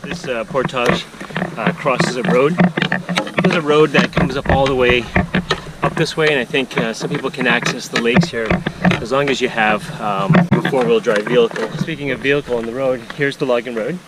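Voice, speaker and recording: A man's voice: mid-range voice, steady tone, moderate pace, heavy background noise. A man narrating a casual canoe-trip vlog outdoors on a forest portage, rambling with many fillers and restarts. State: out of breath.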